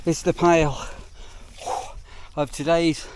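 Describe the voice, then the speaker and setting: Man, British accent, slightly high voice, out of breath, rambling chatty vlog, outdoors. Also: level tone, slow pace, crowd noise. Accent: British English. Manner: rambling, chatty, frequent ums. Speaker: campsite warden. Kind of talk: casual outdoor work vlog. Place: outdoors on a campsite.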